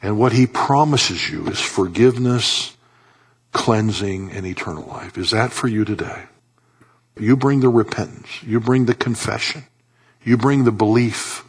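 A pastor preaching a sermon, pleading and impassioned, his voice dropping low and soft for emphasis. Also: measured pace, breathy edge.

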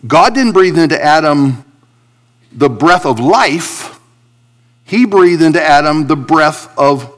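A man preaching a sermon, swinging between emphatic high points and a quiet confiding tone as he explains Hebrew words from scripture. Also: slow pace. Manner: animated preaching, rising for emphasis, dropping to a confiding hush. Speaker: pastor.

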